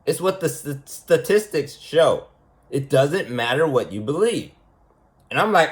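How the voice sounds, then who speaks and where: A man's voice: on the high side, expressive, measured pace. A man talking as a preschool teacher in a rambling, mocking monologue, repeating his points for emphasis. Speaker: preschool teacher giving a lesson.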